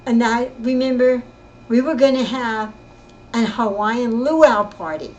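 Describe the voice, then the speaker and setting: An older woman telling her own story in casual, rambling speech, often halting and repeating herself. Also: on the high side, darkish tone, lo-fi sound. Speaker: interviewee recounting her life. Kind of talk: casual spoken reminiscence.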